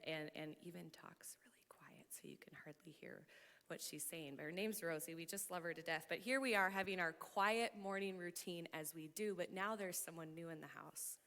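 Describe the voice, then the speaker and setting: Woman, sermon, bright voice, animated, laughs often, long church hall reverb. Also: mid-range voice, clear, resonant tone. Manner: animated, loud when excited, laughs often. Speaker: church speaker. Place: church auditorium.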